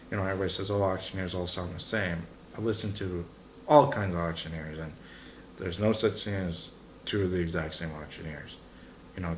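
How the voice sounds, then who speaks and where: A young man from Alberta, with a fairly low voice. He teaches auction calling in a relaxed, offhand way and rattles off repeated bid numbers in a rolling chant. Faint background noise sits under the recording. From Alberta, Canada. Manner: rapid rhythmic auction chant. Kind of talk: casual tutorial.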